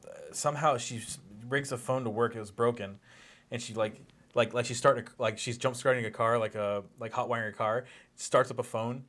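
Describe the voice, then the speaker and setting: A man rambles through a casual pop-culture podcast chat, tripping over his words and circling back to his point. His voice sits at an ordinary middle pitch. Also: fairly even intonation, fairly quick, fairly bright tone. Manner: rambling, restarts often, laughs at his own jokes. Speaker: podcast co-host.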